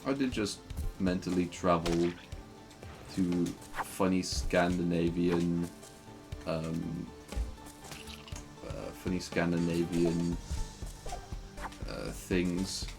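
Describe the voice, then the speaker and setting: A man's voice: low voice, flat delivery, drawn-out words, pauses often, music in the background. A man streaming a game, joking and rambling with lots of fillers in casual commentary.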